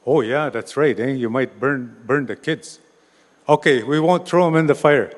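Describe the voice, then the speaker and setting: A man's voice: mid-range voice, normal speed, lightly acted. A man voicing a group of village elders from a folk tale, who talk in a lifted, matter-of-fact way about punishing a captive, heard with long hall reverb. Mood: agreeing.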